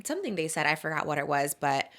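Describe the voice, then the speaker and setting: A woman's voice: sits low, sing-song, fast talker, a bit bright. A woman in her thirties hosting a podcast, chatting casually in a rambling, giggly way with lots of fillers. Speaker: podcast host. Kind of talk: casual chat.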